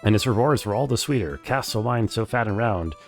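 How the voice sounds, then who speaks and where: A man's voice: on the low side, lively intonation, fairly quick, faint music behind. A man putting on a boastful old soldier. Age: older. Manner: boastful, folksy storytelling. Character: gruff old male soldier and grandfather.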